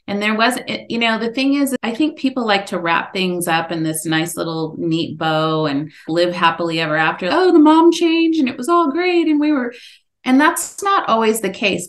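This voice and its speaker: A middle-aged woman telling her own story as an interview guest, earnest and animated when she quotes herself and others. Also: low-pitched. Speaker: podcast guest, author.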